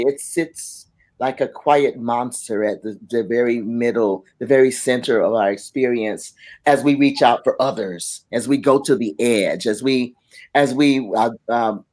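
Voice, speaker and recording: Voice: medium pitch, a little mellow. Impassioned middle-aged speaker telling stories. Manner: impassioned, acts out quoted voices, frequent restarts. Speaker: arts facilitator on a panel. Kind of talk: panel talk, personal storytelling.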